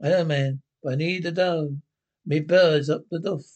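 A man's voice: a little high, steady tone, moderate pace, darkish tone, dull audio, natural voice. A man playing a sweary pensioner. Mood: gossipy. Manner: blunt, sweary banter. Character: grumbling older Glasgow pensioner, nosy and sharp. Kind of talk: TV sitcom acting.

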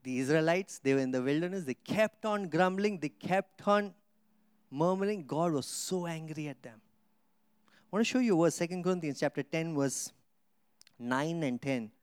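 A man, a pastor, preaching a sermon, asking the congregation questions and swinging between quiet low asides and loud, drawn-out Scripture reading. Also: smooth, dry recording.

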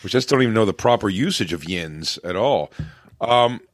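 A man's voice: fairly low pitch, animated, a little fast, dry recording, clean studio sound. A man with a Philadelphia accent, a comedian guest chatting in a loose, rambling way from home. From West Philadelphia, USA. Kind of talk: casual chat. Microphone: remote podcast mic at home.

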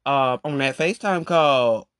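Speaking a little slowly in a medium pitch, this young adult podcast host goes solo, calling out friends who did him wrong. His rant is animated and repetitive.

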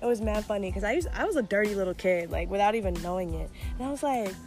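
A young woman co-hosting a casual chat, blunt and profane, telling animated stories. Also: mid-range voice, fast, over music.

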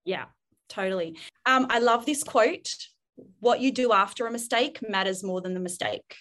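A woman's voice: medium pitch, normal speed, fairly bright tone. A woman, a parenting expert in casual podcast chat, speaking frankly and acting out quoted voices.

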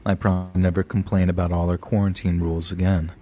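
A man's voice: low-pitched, level tone, quick pace, mellow, slight background noise. A man, a podcast host, reading a scary story aloud with some dry asides.

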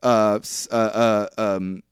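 A man's voice: little pitch movement, takes it slowly, clean tone, dry recording, clean studio sound. A young man co-hosting a podcast, casually recapping a film plot and acting out the characters' lines with jumps in his voice. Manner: rambling, acts out quotes with pitch jumps. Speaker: podcast co-host. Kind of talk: casual movie recap chat.

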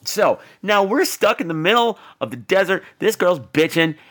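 A man's voice: high voice, lively intonation, moderate pace, fairly bright tone. A man hosting a casual comedic horror film review, sarcastic and profane, acting out the scenes. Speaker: podcast host reviewing horror films.

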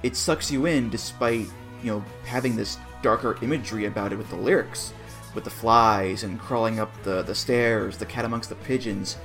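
A man's voice: on the low side, normal speed, a bit bright, faint music behind. A man co-hosting a podcast, chatting casually and reassuringly as he breaks down songs. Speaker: podcast co-host. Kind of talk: casual chat about wrestling theme songs.

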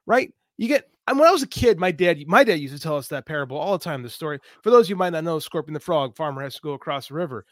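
Podcast co-host, male, higher-pitched voice, dry close sound, preachy and impassioned. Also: expressive, very fast, hardly any pauses, no room sound. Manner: impassioned, preachy, talks through stories. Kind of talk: casual chat.

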